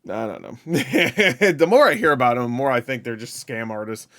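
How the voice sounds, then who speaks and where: A man's voice: medium pitch, expressive, moderate pace, a bit bright. A man hosting a casual movie reaction, rambling, swearing freely and laughing at his own asides.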